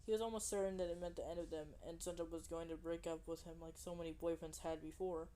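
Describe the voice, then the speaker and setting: A woman's voice: on the low side, fairly even intonation, quick pace, warm tone. A woman reading fan fiction aloud, stumbling over names and correcting herself with amusement. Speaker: reader.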